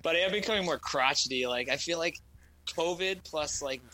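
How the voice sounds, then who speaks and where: Teacher guy on a radio show, super bright voice, cussing and laughing thru his stories. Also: a little high, moderate pace, no room sound, poor audio. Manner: animated storyteller, swears, laughs a lot. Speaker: guest, schoolteacher. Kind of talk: casual radio chat.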